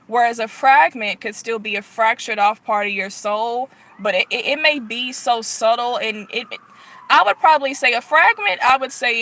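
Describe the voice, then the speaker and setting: A woman vlogging as a Christian prophetess, teaching in a relaxed, conversational way with frequent sighs and fillers. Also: medium pitch, slight background noise. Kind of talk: casual spontaneous vlog teaching.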